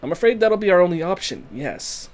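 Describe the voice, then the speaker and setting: This fan voicing of game lines has a man playing a cheerful female genius guide with a playful, stereotyped Italian lilt. His voice is high and darkish in tone, very animated, and delivered a little fast in a guiding mood.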